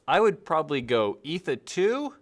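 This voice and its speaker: A man's voice: fairly high pitch, very animated, normal speed. A young man hosting a live stream and answering chat questions casually, rambling and hesitant, with many fillers.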